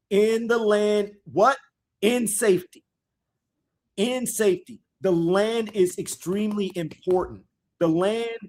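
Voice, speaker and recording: Man, high voice, casual live scripture teaching, repeats himself, talks straight to listeners, reads verses slow. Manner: repeats phrases, addresses listeners directly as y'all; reads verses slowly and deliberately. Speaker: host of a live scripture study discussion.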